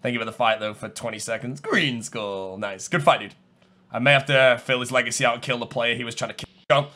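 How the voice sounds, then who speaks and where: Man, young, gameplay commentary, bright voice, excitable, talks to chat. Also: mid-range voice, fairly quick. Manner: excitable, swings from muttered calm to shouting; chatty, talks to viewers and opponents. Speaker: gaming streamer.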